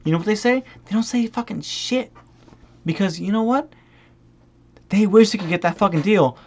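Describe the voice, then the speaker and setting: A man with non-native English in a buzzed, profane vlog rant, angrily mocking the people he quotes. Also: moderate pace. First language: not English. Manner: angry, swearing, mocking quoted customers; animated, pitch jumping up and down. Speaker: vlogger.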